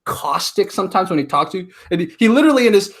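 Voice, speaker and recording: A man in his thirties talking casually as a podcast guest, telling stories in an animated way with lots of filler words. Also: sits high, very fast. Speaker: podcast guest, martial artist. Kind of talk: casual chat.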